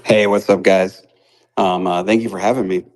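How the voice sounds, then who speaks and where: A company founder explaining his business in a casual group audio chat, measured, with "you know" fillers. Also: low voice, fairly even intonation.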